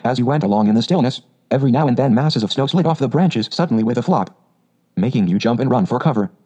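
A man's voice: medium pitch, fast, breathy edge. A man doing a cheerful, bold otter. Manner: cheerful, lively storyteller. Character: hearty, bold male otter, cheerful adventurer.

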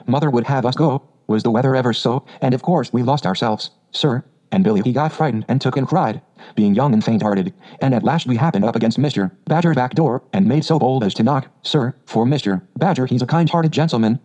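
A polite, humble young hedgehog boy in a storybook reading, speaking rustic country grammar, as a man puts him on. The voice is mellow and dark, and the recording sounds slightly dull. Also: mid-range voice, brisk, lightly acted. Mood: respectful.

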